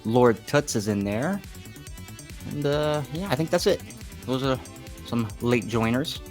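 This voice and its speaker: A man co-hosts a radio show in a relaxed, explanatory way, chatting casually with the others. Music plays faintly underneath his voice. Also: medium pitch, a little slow. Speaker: radio co-host.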